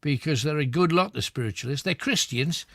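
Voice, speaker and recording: A man hosting a radio phone-in, giving callers measured, reassuring advice. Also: on the high side, a bit bright, no room sound, studio quality.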